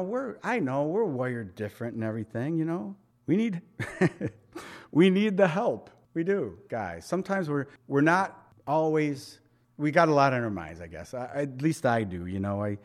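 A middle-aged man preaching a sermon, folksy and conversational, with joking asides and chuckles. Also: mid-range voice. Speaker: pastor.

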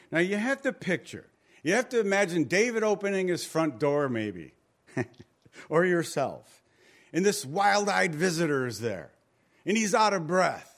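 A man preaching a sermon in a conversational style, often asking rhetorical questions. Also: medium pitch. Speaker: pastor.

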